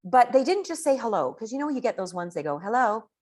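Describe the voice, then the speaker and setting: A woman giving a casual coaching talk on network marketing, chatty and animated. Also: a little high, fast talker. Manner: chatty, animated, acts out quoted dialogue.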